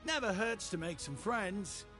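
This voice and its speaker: An actor with an English accent playing an eager, humble young shopkeeper with flowery, overly polite speech. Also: male voice, sits high, animated, measured pace, pushed and bright, heavily acted. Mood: friendly. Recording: game audio with faint music behind.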